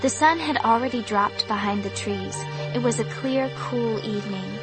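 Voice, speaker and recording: A woman reading a spooky first-person story aloud in a measured, suspenseful way, with music behind her. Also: on the high side. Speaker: audiobook narrator. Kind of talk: first-person audiobook narration.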